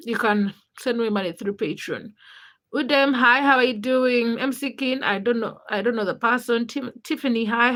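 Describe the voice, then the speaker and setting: Young Ugandan woman, livestream host, bright tone, higher voice, chatty with the chat. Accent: Ugandan English. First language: a Ugandan language. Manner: greets viewers by name one after another, chatty. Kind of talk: casual livestream chat reading comments.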